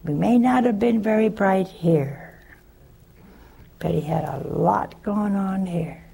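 A religious sister answering a caller on a call-in show, telling stories in a folksy, chuckling way. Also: female voice, mid-range voice, slow pace, gravelly, mellow, slightly rough. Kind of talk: call-in advice with storytelling.

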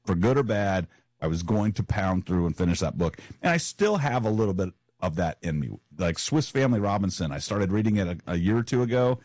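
A man's voice: on the low side, animated, brisk, a little mellow, no room sound, studio quality. A man co-hosting a podcast in casual chat, easygoing and joking, often repeating words. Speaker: podcast co-host.

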